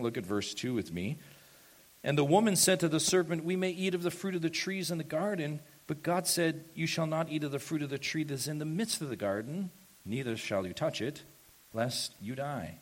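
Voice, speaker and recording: A man's voice: medium pitch, a bit bright. A man preaching an expository sermon in church, emphatic and often asking the congregation questions. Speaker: pastor.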